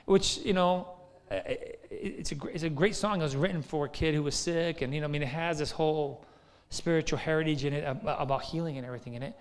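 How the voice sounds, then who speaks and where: A man preaching a sermon in a conversational, storytelling way, often checking in with the listeners. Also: fairly high pitch. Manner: conversational, storytelling, frequent "right?". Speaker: pastor. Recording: long hall reverb.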